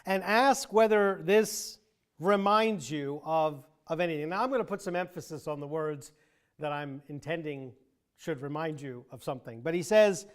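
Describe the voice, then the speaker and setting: Higher-voiced man teaching a Bible class. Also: moderate pace. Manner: thinking aloud with frequent restarts and dry asides. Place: church classroom.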